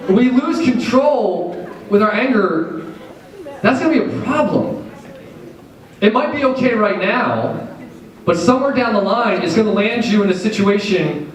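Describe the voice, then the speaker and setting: Male preacher, 30s, high voice, animated and jokey, distant and very echoey hall sound. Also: a little hiss or hum. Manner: animated, jokey, acts out quoted people. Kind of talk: sermon. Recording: echoey hall, far from the mic.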